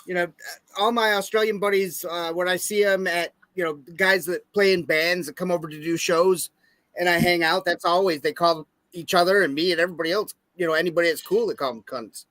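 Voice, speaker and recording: A man with a high-pitched voice, recorded dry and close with no room sound. He chats casually on a livestream, blunt and crude in his jokes. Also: steady tone, brisk, fairly bright tone, no room sound. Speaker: co-host of a livestream show.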